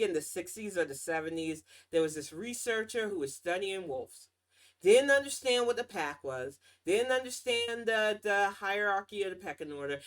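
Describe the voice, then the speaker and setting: A woman rants on her own podcast, delivering casual political commentary in a sarcastic, mocking tone. Her pitch and loudness swing about lively.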